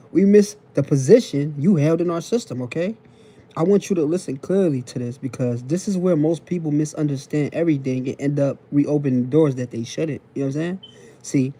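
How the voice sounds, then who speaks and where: Speaking into his phone on a TikTok live stream, a man lectures his viewers with loose slang and profanity, repeating every point and asking if they follow. His voice is a little high yet very dark and mellow, and his manner is preachy.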